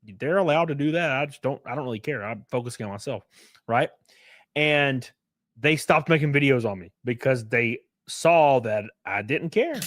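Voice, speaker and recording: A man's voice: mid-range voice, expressive, moderate pace, dry recording, studio quality. A man talking as a YouTuber in a commentary clip, with a dismissive, offhand manner.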